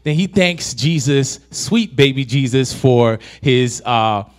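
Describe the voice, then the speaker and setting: A man's voice: mid-range voice, animated, takes it slowly. A man preaching a casual, conversational sermon to a young adult group, asking the audience questions and retelling film scenes. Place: church hall.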